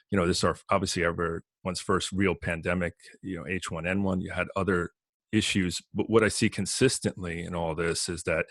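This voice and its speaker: A man in his fifties with a New Jersey accent, talking as a guest on an interview podcast in a relaxed, reflective way. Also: low voice, no room sound, studio quality. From northern New Jersey. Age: 50s. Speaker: podcast guest, business consultant. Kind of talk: casual interview talk.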